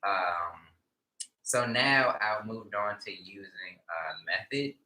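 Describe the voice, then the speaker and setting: Bright-voiced, soft-spoken man in an echoey room. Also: lowish voice, slow pace. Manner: hesitant, many fillers, drops to a near-whisper. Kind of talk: casual chat.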